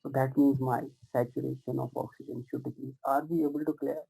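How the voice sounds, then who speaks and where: A man's voice: mid-range voice, flat delivery, a little fast, vocal fry, slightly rough, poor audio. A man teaching a live online pathology class, asking his students question after question, correcting himself and using many fillers. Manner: repetitive questioning, addresses students warmly as "my dears" and "guys"; frequent fillers and self-corrections.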